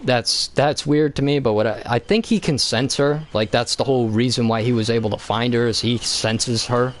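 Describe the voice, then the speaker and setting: A man streaming a game, ranting casually about a film in a rambling, excitable way with lots of swearing, from a home basement. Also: mid-range voice, normal speed. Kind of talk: casual profane movie rant.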